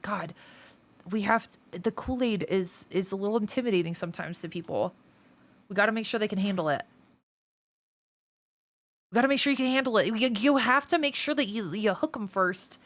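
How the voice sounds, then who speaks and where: Here's a woman chatting casually on a live stream, her mid-range voice slightly bright. She teases and plays around, joking with her chat.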